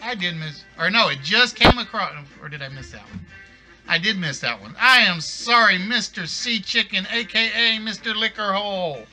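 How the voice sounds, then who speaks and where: A man's voice: high-pitched, lively intonation, normal speed, music in the background. A man hosting a live game stream, chatting casually and rambling, correcting himself as he goes. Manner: rambling, self-correcting, apologetic. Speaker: game show stream host.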